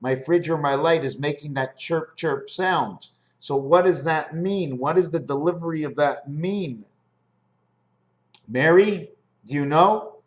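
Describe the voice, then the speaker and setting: A man's voice: fairly high pitch, measured pace. Rambling man musing at home. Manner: wandering, musing, asks the viewer questions. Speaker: video maker explaining his designs. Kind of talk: rambling free-association monologue. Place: at home near his fridge, indoors.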